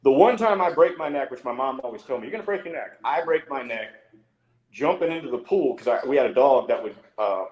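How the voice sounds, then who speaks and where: A man's voice: a little fast, dull audio. Echoey, swearing male podcast guest. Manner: animated, swears freely, acts out quotes in a higher voice. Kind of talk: casual storytelling. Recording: roomy echo.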